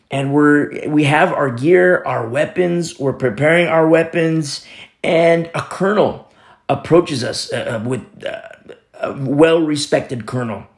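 A man preaching a sermon, stressing points by repeating phrases and telling stories with casual asides. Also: a little high. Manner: storytelling asides with fillers.

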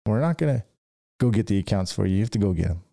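A man's voice: on the low side, lively intonation, vocal fry, warm tone, no room sound, studio quality. A man imitating his mother, a pushy, encouraging middle-aged woman who talks insistently. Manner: brisk, insistent.

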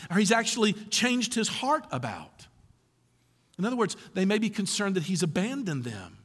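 Lively high-voiced male preacher in a hall. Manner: animated, rhetorical questions, laughs through lines. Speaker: pastor. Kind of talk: sermon.

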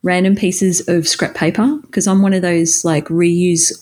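A woman's voice: on the low side, steady tone, a little slow, darkish tone. A woman co-hosting a podcast in casual chat, rambling into asides and laughing often. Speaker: podcast co-host.

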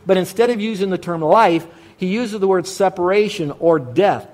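A man with a slightly high voice preaching a sermon. He talks like a pastor teaching, drops low and soft for asides, then rises and presses hard on repeated words. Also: normal speed.

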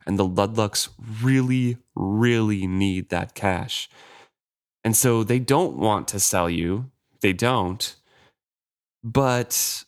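A man's voice: sits low, smooth, dry recording, studio quality. A man casually retelling the plot of a novel, reading passages aloud and paraphrasing with loose fillers. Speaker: book discussion podcaster.

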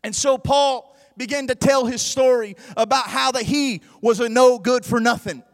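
A man preaching a sermon with impassioned, shouting delivery, swinging between loud bursts and quiet, low stretches. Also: moderate pace. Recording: long hall reverb.

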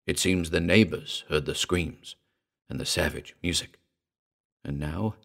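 Deep gravelly man reading horror. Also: darkish tone. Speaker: narrator. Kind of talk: dramatic horror story reading.

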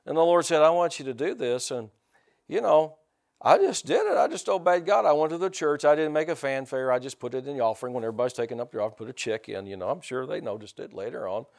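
Here a middle-aged male pastor talks fast in a mid-range voice with lively intonation and some vocal fry. His sermon is conversational, full of repeated words, rhetorical questions to the congregation, and sudden loud outbursts.

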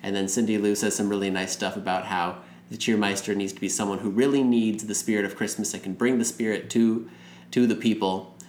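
A man with a fairly low voice talks through a movie recap in a loose, rambling way, slipping into the characters' lines as he tells it. The room is noticeably echoey, and faint background noise sits under his voice. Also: little pitch movement, fairly quick. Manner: rambling, retells scenes with acted quotes. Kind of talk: casual movie recap chat.

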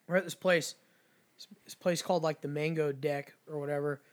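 In casual conversation on the podcast he co-hosts, this man from Mexico speaks at a normal pace with a voice on the high side. He's an animated storyteller who curses often and performs other people's quotes.

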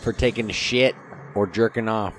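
A man's voice: fairly low pitch, fairly bright tone. A man co-hosting a podcast, reacting casually and laughing while playing a video game with a friend. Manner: laid-back, laughing, quick reactions. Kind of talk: casual gaming chat.

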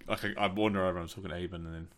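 A middle-aged man hosts a casual podcast chat in a very deep voice. His tone is bright and forceful. He tells loose, rambling anecdotes with plenty of laughter. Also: fairly even intonation, rapid-fire, slight background noise. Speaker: podcast host.

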